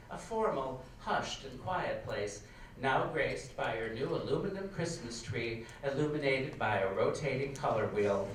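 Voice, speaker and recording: Man narrating live on stage, wry and expressive, mid-pitched voice, booming hall echo, distant mic. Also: normal speed. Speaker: reader, storyteller. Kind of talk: live stage reading of a memoir. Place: large performing arts hall. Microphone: far camera. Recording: echoey hall from far off, faint noise.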